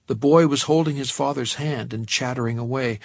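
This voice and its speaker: A man narrating a novel in the first person, measured and tense. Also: mid-range voice, vocal fry, no room sound. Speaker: audiobook narrator.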